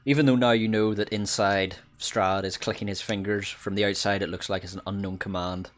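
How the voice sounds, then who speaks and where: A man's voice: lowish voice, fairly even intonation, a little fast. A Northern Irish man narrating a tabletop game as game master, with many hesitations. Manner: hesitant, many uhs, breaks into laughter.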